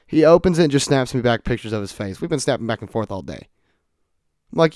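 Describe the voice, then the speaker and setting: A young man telling stories in an animated way on a casual podcast monologue. He swings between loud outbursts and quiet asides. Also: medium pitch, fast talker, dry recording, clean studio sound. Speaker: podcast host.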